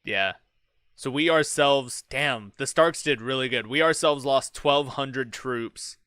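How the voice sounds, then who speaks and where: Bright-voiced, excitable young man streaming. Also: medium pitch, takes it slowly, clear, resonant tone, dry recording. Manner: excitable, swears when frustrated. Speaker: game streamer. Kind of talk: live gameplay commentary.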